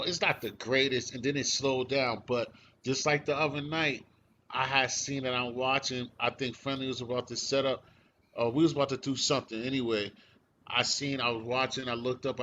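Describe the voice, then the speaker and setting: A man's voice: mid-range voice, sharp tone, slight background noise. A man co-hosting a casual podcast, teasing his friends and telling stories with animation. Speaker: podcast co-host. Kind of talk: casual chat.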